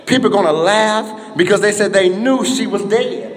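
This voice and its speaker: A high-voiced man delivers a sermon with fervent call-and-response energy at normal speed, climbing into exhortation and sinking low for the story. His words ring through a large, echoing church hall.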